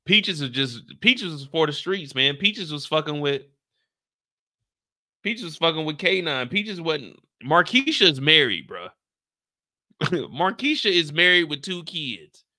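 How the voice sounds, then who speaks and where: Animated slangy American man recapping. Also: fairly high pitch, a little slow, dry recording, studio quality. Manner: animated, slangy, playful, reads out chat questions. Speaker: show recap host. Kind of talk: casual recap talk to a live chat.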